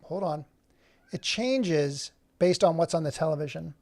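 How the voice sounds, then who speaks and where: Gravelly man rambling on a livestream. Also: a little high, animated, a little slow, a little mellow. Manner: rambling, self-interrupting. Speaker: livestream host. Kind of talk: casual livestream chat.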